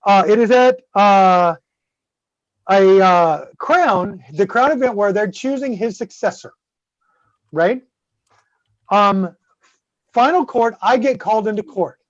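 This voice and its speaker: A man's voice: sits high, takes it slowly, pauses often, no echo. A man guest-hosting a podcast, telling a long rambling story full of swearing and constant "right?" checks. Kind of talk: casual profane storytelling. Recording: dull, dry close-mic sound.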